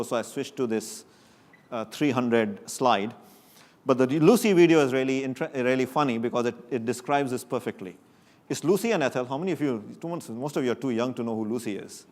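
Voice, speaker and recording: A man presenting at a tech conference, his delivery lively and wry. He keeps punching key phrases upward for emphasis, and his voice sits at an ordinary middle pitch. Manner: lively, joking, with sudden emphatic rises. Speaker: conference speaker. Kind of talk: technical conference talk. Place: conference stage before an audience.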